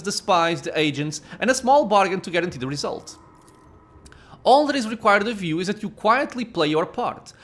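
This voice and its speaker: Man voicing a sneering dark elf, cruel, contemptuous, menacing, lively pitch swings. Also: full character voice.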